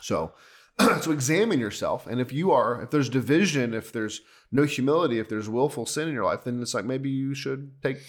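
A man's voice: medium pitch, lively intonation, normal speed. A man who is a pastor, explaining things earnestly in a casual podcast discussion.

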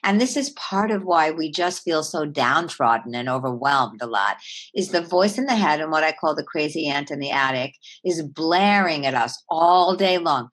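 An earnest woman author speaking as a guest in an interview. Her voice sits a little low and swings widely in pitch and loudness as she explains. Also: expressive, normal speed. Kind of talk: conversational interview.

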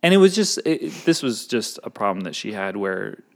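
A man's voice: on the low side, very animated, normal speed, vocal fry. A young man co-hosting a casual chat, rambling and self-deprecating, laughing often.

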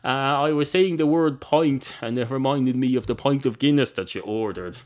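A man's voice: mid-range voice, normal speed, pitched above the performer's own voice, lightly acted. An Irish man playing a blunt, rude, grumpy male pub barman who insults his customer.

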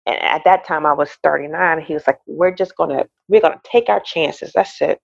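Gravelly-voiced woman in her 40s telling her story, acts out the voices, dry dull-ish audio. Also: deep voice, brisk, dry recording. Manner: animated storyteller, acts out quoted voices, laughs often. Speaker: podcast guest. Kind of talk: casual interview storytelling.

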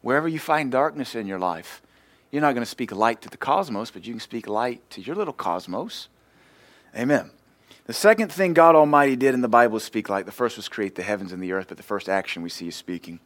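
Pastor guy in his 30s, preaching, jokey and animated. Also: mid-range voice, fairly quick. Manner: joking, animated preacher who laughs at his own stories. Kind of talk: sermon.

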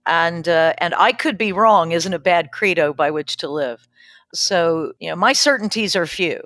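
A woman's voice: lowish voice, measured pace, fairly bright tone, dry recording. A woman pastor and podcast guest, speaking in an emphatic, reflective way and laughing easily. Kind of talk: casual conversational interview.

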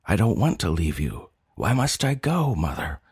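A man's voice: fairly low pitch, measured pace, a little mellow, breathy edge, no room sound, clean studio sound, voice pushed up. A man voicing a small, frightened alien boy cub who pleads with his mother in a child's voice. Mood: pleading. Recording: music playing behind.

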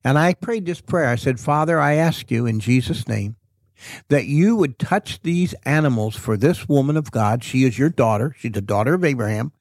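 A man with a mid-range voice tells a story in a relaxed interview. He is an animated storyteller who acts out what people said. The sound is close and dry. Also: mid-range voice, moderate pace, dry recording. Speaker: preacher and author guest.

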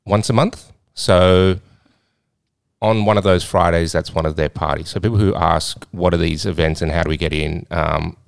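A man's voice: sits low, normal speed, creaky, smooth, no echo, clean studio sound. A man hosting a podcast, chatting casually and jokily with frequent restarts. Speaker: podcast host.

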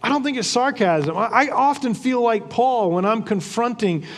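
A man with a high voice teaches from the Bible in a relaxed, conversational way, thinking aloud as he goes. He is earnest, often repeating a word or restarting a phrase. A long hall reverb trails after his words. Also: moderate pace. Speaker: preacher.

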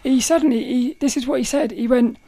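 A woman hosting a casual solo podcast, telling a story in a rambling, animated way, often laughing and restarting her sentences. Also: high-pitched, fairly quick, vocal fry. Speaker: podcast host.

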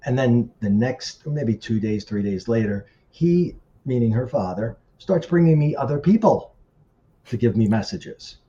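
A man casually telling a personal story as a guest, animated and acting out the voices of people he quotes. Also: measured pace, muffled recording. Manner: animated, acts out quoted voices with pitch shifts.

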